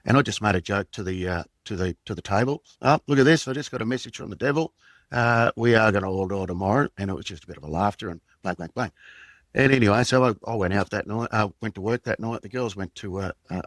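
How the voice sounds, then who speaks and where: A former police detective from Australia, guesting on a podcast, recounts a personal story in a low voice with no echo. He speaks haltingly and reflectively, with plenty of fillers and false starts.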